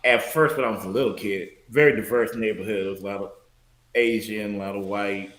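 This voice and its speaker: A man from Detroit, a former bouncer, chatting as a podcast guest in a relaxed, storytelling way. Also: lowish voice, a little fast. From Detroit, USA. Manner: relaxed, storytelling, laughs easily. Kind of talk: casual chat. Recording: echoey room.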